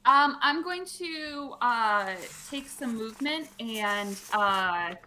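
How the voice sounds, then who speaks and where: A woman's voice: a little high, expressive, slow, bright, forceful tone, a little hiss or hum. A woman playing a tabletop game, playful and eager as she describes her character's moves. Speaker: player. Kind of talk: casual tabletop play.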